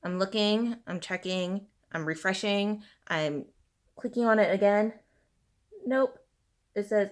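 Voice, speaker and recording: In this get-ready-with-me video, a woman in her 30s vents while applying her makeup, speaking at a measured pace in a mid-range voice. She's chatty and exasperated, her casual rant littered with fillers like "like" and "you know."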